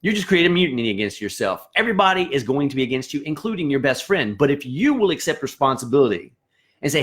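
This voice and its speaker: Male band-leadership coach, mid-pitched, lively delivery that slips into quick character voices for students. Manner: animated, acts out quoted students with voices and laughs. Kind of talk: motivational talk to camera.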